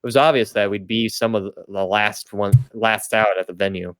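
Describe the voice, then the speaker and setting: A young man reads fanfiction aloud on a comedy podcast, tripping over words and correcting himself as he goes. His voice sits a little low and sounds close and dry, with no room in the sound. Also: steady tone, a little fast, fairly bright tone, clean tone, dry recording. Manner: stumbling, self-correcting reading with laughing asides. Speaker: podcast host and reader.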